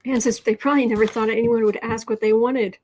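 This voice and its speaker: A woman hosting a tarot livestream speaks fast in a voice on the high side, with fairly even intonation. Soft-spoken, she chats casually, reads out viewer comments, and coos to her cat between readings.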